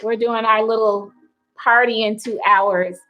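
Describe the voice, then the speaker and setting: A young woman chats loosely on a livestream from home, her voice sitting somewhat high. She laughs easily and talks to her viewers by name as she goes. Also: steady tone, measured pace, sharp tone, muffled recording, soft background music. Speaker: wellness livestream host. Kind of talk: casual livestream chat. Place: at home indoors.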